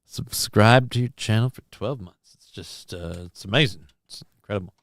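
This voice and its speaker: Deadpan rambling male stream host. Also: fairly low pitch, moderate pace, no echo, clean studio sound. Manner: rambling and deadpan with many fillers. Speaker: live-stream show host. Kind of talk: casual live-stream chat, reading viewer messages.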